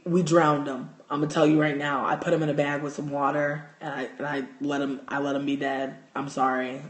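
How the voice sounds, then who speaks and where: A man hosting a livestream, telling a story in casual, profane, animated talk. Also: on the high side, roomy sound. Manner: animated, profane, gets loud and excited. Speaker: livestream host.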